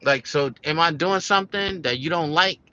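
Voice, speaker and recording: A man's voice: on the high side, moderate pace, pushed and bright, no echo, lo-fi sound. An American man venting casually in a candid, profane, rambling monologue, full of restarts. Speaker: vlogger.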